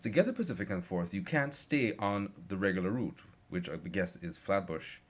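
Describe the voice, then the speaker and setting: A man's voice: deep voice, lively intonation, normal speed. A young man rambling through a casual story with lots of fillers. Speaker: vlogger.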